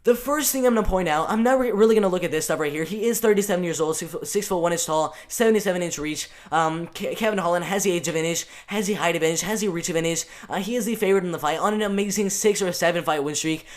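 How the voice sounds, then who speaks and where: A young man hosting his own fight-prediction channel, talking casually and excitedly with lots of ums and restarts. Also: sits high, fast talker, hardly any pauses. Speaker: MMA channel host.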